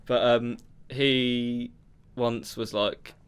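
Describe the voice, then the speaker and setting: A man's voice: mid-range voice, little pitch movement, extremely slow, clean tone. A young man from southern England co-hosting a podcast in a rambling, casual chat. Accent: Southern English. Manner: chatty, rambling, slips into mock accents. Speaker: podcast co-host.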